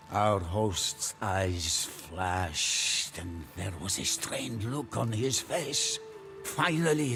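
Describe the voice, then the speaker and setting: A man giving scripted, measured story narration for a game cutscene. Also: lowish voice, fairly bright tone.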